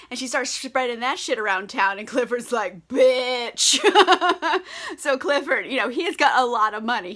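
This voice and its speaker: A tipsy woman recaps a novel for her vlog, profane, incredulous and quick to laugh. Her voice is bright and sits somewhat high for a woman. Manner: brash, profane, giggly, incredulous. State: tipsy from wine. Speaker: book vlogger. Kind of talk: casual book recap vlog.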